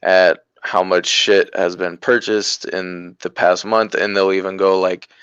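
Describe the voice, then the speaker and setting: A laid-back young man co-hosts a podcast in a low, smooth voice, speaking slowly and laughing often. His sound is slightly dull and dry, like a basic home mic. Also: little pitch movement, a bit bright, no room sound. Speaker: podcast co-host. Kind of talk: casual chat.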